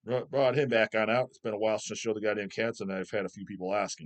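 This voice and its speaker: A man's voice: on the low side, little pitch movement, fast. Foul-mouthed ranting man. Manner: swears constantly, ranting and mocking. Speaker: channel host. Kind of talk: profane rant vlog.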